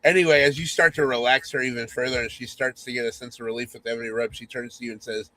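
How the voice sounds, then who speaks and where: A man's voice: medium pitch, fairly even intonation, fast, hardly any pauses, bright, forceful tone, rough recording. Mock-sultry male storyteller. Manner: mock-sultry narration with teasing asides. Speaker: podcast host. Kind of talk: comedic reading of a spoof romance story.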